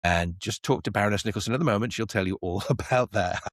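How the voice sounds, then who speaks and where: Lowish in pitch and quick in pace, this middle-aged man from the Isle of Man tells animated stories in a podcast interview. As the guest, a space company CEO, he acts out the dialogue he quotes. It's a dry, studio-quality recording.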